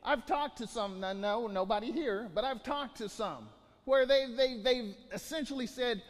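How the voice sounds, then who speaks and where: A man's voice: very high-pitched, normal speed, in a large hall. A man preaching a sermon as pastor, building to emphatic bursts and often restarting his phrases.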